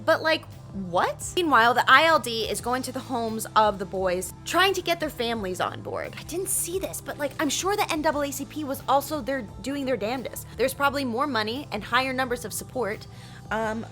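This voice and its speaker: A woman's voice: sits high, moderate pace, soft background music. A woman hosting a history show, telling the story casually and animatedly, swearing freely and acting out what people said. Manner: animated, swears casually, acts out quotes in funny voices. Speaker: host.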